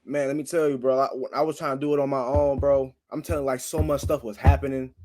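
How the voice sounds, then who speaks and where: A young man hosting a podcast, telling stories in casual chat, animated and slangy, swinging from loud outbursts to low mutters. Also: fast. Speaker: podcast host.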